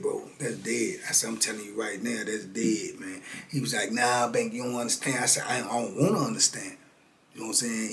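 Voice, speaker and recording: An older American man tells a story in a loose, animated way and jumps into the other voices as he goes. His talk is full of street slang, and his voice sits at an ordinary pitch for a man. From United States. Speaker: storyteller sharing prison experiences. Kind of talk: casual storytelling.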